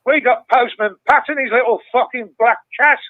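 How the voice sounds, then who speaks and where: A man calls in to a football phone-in and chats loosely, cursing constantly and laughing as he goes. His voice sits high. It comes through a thin, tinny phone line with a dry, close sound. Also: moderate pace, dry recording. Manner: swears constantly, laughs easily, rambling. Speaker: caller. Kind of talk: casual phone-in chat.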